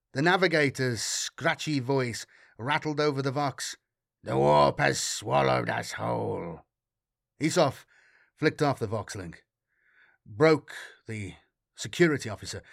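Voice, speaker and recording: A man reading a science fiction audiobook in a measured, dramatic way. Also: mid-range voice, no echo, studio quality. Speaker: audiobook narrator. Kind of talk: scripted narration of science fiction.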